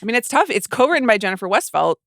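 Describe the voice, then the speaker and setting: A woman's voice: fairly high pitch, big pitch swings, very fast, creaky, no room sound, clean studio sound. A woman hosting a podcast, chatting casually about movies with many fillers and restarts. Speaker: podcast host. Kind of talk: casual chat.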